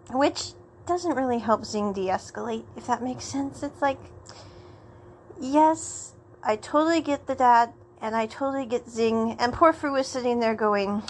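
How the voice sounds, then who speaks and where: A woman's voice: on the high side, animated, moderate pace, a little hiss or hum. A woman hosting a casual chat show, rambling and laughing as she retells scenes. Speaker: podcast host.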